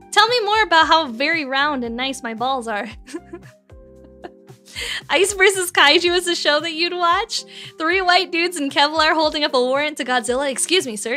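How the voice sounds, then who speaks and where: A woman's voice: high-pitched, expressive, moderate pace, pushed and bright, soft background music. A woman from Canada, chatting playfully and giggling on a livestream while she builds a model kit. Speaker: streamer.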